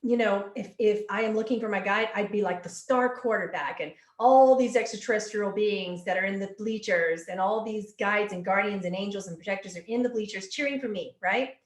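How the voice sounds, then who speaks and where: A woman working as a psychic medium relays channeled answers in a flowing, earnest manner, repeating words for emphasis. Her mid-range voice runs a little fast with hardly any pauses, and the room sounds echoey.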